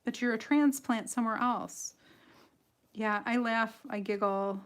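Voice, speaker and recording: A woman's voice: a little high, unhurried, clean tone. Chatty Michigan woman coloring live. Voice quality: nasal. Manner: chatty, giggly, self-deprecating, rambling. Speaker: livestream host and coloring artist. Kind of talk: casual tutorial chat while coloring.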